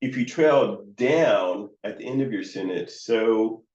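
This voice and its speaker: A man gives a slow, unhurried lesson on counseling, often pausing and restarting his sentences. His voice sits a little low, and the room around him rings with echo. The sound is a bit dull and lo-fi. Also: expressive, a little mellow. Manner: slow, halting, many fillers and restarts. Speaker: counseling supervisor. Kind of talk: teaching lecture with demonstrations.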